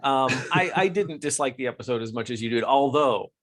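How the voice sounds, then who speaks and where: An American man co-hosting a relaxed podcast chat. His voice sits at a middle pitch, and he rambles, circling back with fillers and restarts as he talks. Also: brisk. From United States. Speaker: podcast co-host. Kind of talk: casual chat.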